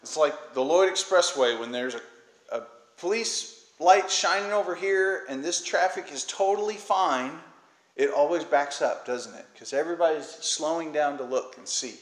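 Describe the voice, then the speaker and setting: Man, preacher, chatty Bible storytelling, fairly high voice, echoey room. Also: expressive, normal speed. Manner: conversational storytelling, acts out quoted voices. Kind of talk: informal Bible teaching.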